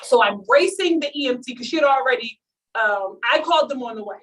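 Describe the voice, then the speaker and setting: A woman telling a story to a live audience in an animated, comic way, acting out what each person said. Her voice sits a bit high. She is picked up by a mic some way off at the event. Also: a little fast, far from the mic, rough recording. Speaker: speaker at a launch event.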